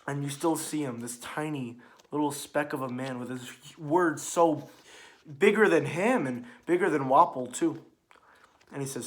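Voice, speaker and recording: A man's voice: medium pitch, normal speed. Rambling, foul-mouthed man reviewing manga. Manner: rambling, excitable, swears freely, many restarts. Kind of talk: casual spoken review.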